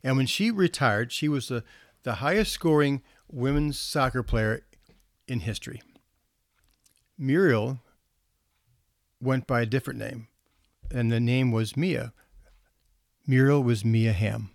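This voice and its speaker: A male counselor giving a storytelling talk to parents. He speaks in a relaxed, conversational way with small restarts. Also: medium pitch, a little slow, vocal fry, pauses often, no echo, studio quality.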